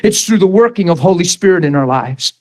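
A man preaching a sermon, telling stories with passion, repeating himself and breaking into shouts. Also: high voice, animated, a little fast. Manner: passionate, repetitive storytelling with bursts of shouting.

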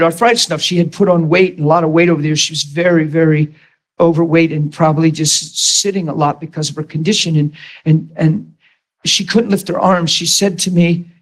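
Husky high-voiced preacher telling a story. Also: male voice, fairly even intonation, moderate pace. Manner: emotional storytelling, acts out quotes. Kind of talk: sermon testimony.

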